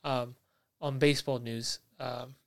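Rambling host, smooth voice. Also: male voice, mid-range voice, steady tone, takes it slowly, dry recording, studio quality. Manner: rambling, loses his thread, many fillers. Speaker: podcast host. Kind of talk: casual chat.

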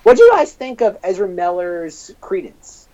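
A man's voice: sits high, sing-song, normal speed, warm tone, muffled recording. A man co-hosting a podcast, asking curious questions with stumbling restarts. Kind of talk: casual chat.

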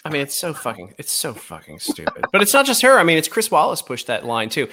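A man's voice: on the high side, wildly swooping pitch, fast talker, background noise. A man hosting a casual political podcast, talking bluntly and heatedly and swearing freely. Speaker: podcast host.

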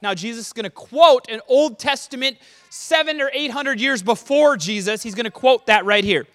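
High, bright-voiced preacher man in a reverberant hall. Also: normal speed. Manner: animated, checks in with listeners. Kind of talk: conversational sermon.

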